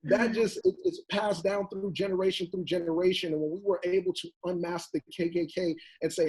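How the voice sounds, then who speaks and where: A man argues with conviction on a discussion panel. His voice sits a bit high and has a husky edge. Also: little pitch movement, a little fast, few pauses, darkish tone, low-quality recording. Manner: impassioned, acts out voices in quotes. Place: Los Angeles.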